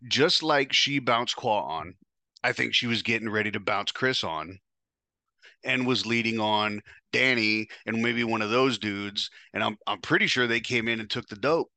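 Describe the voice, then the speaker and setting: A man's voice: on the low side, normal speed, bright, forceful tone, no room sound. A podcast host telling his own story in the first person, blunt, profane and emotional.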